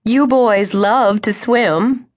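A woman voicing a protective middle-aged mother with a sharp, scolding manner in an audiobook. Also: on the high side, extremely slow, voice pushed up.

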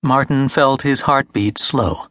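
This audiobook narrator, a man with a mid-range voice, reads a literary novel at a measured, even pace. The close studio mic captures him without any echo.

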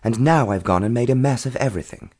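A man's voice: lowish voice, animated, normal speed, darkish tone. A man voicing a defiant, snappish young woman rider in an audiobook romance. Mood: grumbling.

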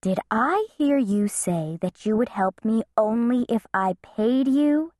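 A woman's voice: fairly high pitch, expressive, slow pace, darkish tone, no room sound, studio quality. A woman voicing a stern, exasperated mother who speaks in a firm, pointed way.

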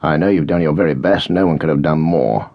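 A man voicing a grave, measured British officer. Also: very deep voice, dull audio.

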